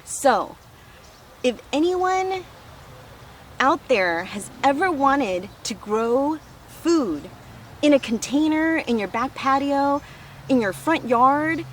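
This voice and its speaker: A woman giving a casual, enthusiastic tour of her farm garden outdoors, talking warmly and laughing often. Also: high voice, a little hiss or hum. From United States.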